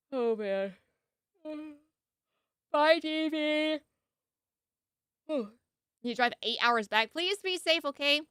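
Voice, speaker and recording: A woman's voice: fairly high pitch, animated, drawn-out words, long pauses, sharp tone, clean tone, no room sound, clean studio sound. A woman streamer in casual live-stream chat, playful and jokey, laughing often and yawning sleepily.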